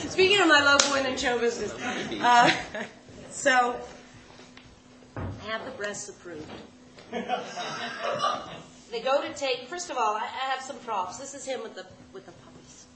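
A woman comedian telling a story live, wry and animated, acting out the people she quotes. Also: high-pitched, slow, long pauses. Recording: echoey room, loud background noise.

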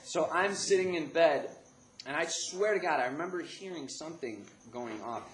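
A man from the Chicago area telling a comic story, animated, jumping between laughing outbursts and hushed asides. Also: a little high, normal speed. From Chicago area, United States. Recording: echoey room with background noise.

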